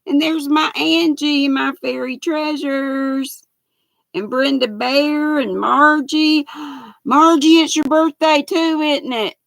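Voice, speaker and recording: A woman's voice: sits high, slow, gravelly, a bit bright, no echo. An older woman, hosting a casual livestream and greeting viewers by name as she reads the chat aloud. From United States. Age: 60s. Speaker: livestream host.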